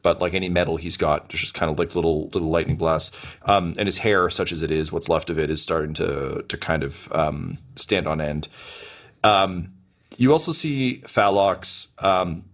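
A man's voice: sits low, a bit bright. A man narrating as game master in a tabletop role-playing game, rambling and filling his descriptions with fillers and restarts.

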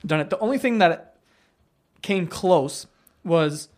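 A man's voice: fairly high pitch, expressive, takes it slowly. A young man telling stories in casual podcast chat, laid back, slipping into quoted voices. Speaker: podcast host.

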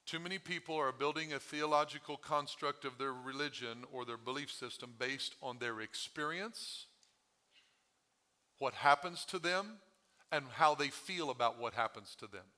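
A man's voice: medium pitch, moderate pace, pushed and bright. A male pastor preaching a sermon, his voice strained from overuse, talking with the congregation and asking them questions. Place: church sanctuary.

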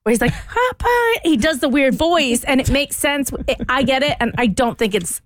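A woman on a radio show muses aloud in a relaxed, easy way with a higher voice. The sound is dry and close to the mic. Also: moderate pace, no room sound. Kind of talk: casual chat.

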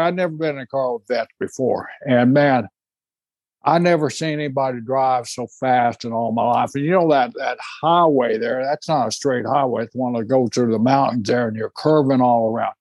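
A man in his sixties, co-hosting a casual chat and telling road stories in a folksy, drawn-out way. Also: medium pitch, darkish tone, no room sound. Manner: folksy, drawn-out storytelling with laughs. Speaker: podcast co-host.

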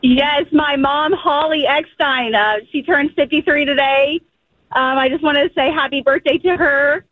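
Female caller, very high-pitched, teary and halting, dry close sound. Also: dry recording, narrow, tinny audio. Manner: halting, emotional. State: tearful. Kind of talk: phone-in shout-out.

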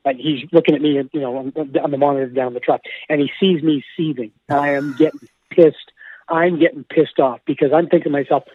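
A man, a hockey broadcaster, telling stories in an animated way, laughing often and repeating himself as he goes. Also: a little high, a little fast, slightly rough, no room sound. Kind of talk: animated storytelling. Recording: tinny phone-like line, dry.

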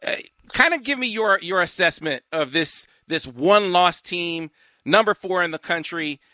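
A man's voice: high-pitched, lively intonation, a little slow, sharp tone, dry recording, clean studio sound. A man hosting a casual interview, asking questions conversationally. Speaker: host.

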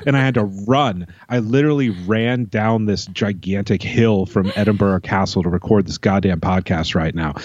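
A man's voice: lowish voice, moderate pace, few pauses, a little mellow, muffled recording. A man co-hosting a podcast in casual chat, sarcastic and swearing freely. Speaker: podcast co-host.

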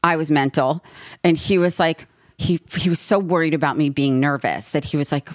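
A woman's voice: sits low, steady tone, fairly quick, dry recording, clean studio sound. A woman in her thirties, a mother and podcast host, emotionally retelling a frightening day with lots of quoted dialogue. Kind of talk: casual storytelling.

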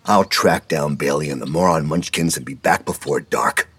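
A man voicing a crude, loudmouthed older ex-Marine grandfather who mocks and insults everyone. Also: very deep voice, moderate pace, breathy edge, no echo, full character voice. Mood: brash mocking. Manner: brash, mocking, insulting.

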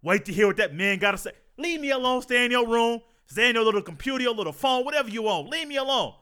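A man's voice: very high-pitched, expressive, fast, sharp tone, clear, resonant tone, exaggerated voice. A man putting on the voice of his exasperated adult wife, who scolds him dismissively. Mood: scolding.

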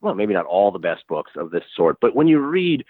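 A man talking as a guest in a conversational interview, animated and chatty with wry asides. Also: on the low side, fairly quick, no room sound, phone-quality sound. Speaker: guest, crime fiction publisher and writer.

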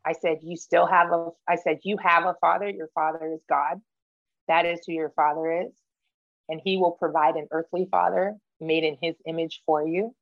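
Earnest woman with a lowish voice. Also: steady tone, normal speed, creaky, dull audio. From United States. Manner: candid, earnest, many fillers and restarts. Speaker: podcast guest, Marine veteran. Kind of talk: casual interview conversation.

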